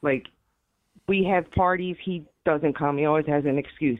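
A woman's voice: sits low, moderate pace, no room sound. A middle-aged woman talking as a guest caller in an interview, rambling and quoting her family. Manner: rambling, repeats herself, quotes family members. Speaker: grieving mother, guest caller. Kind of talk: emotional interview talk. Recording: tinny phone line, dry.

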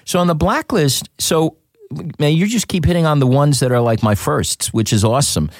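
An actor guest with a slightly high voice chats casually in an interview at a normal pace, animatedly telling stories full of filler words. The studio-quality recording has no room sound.

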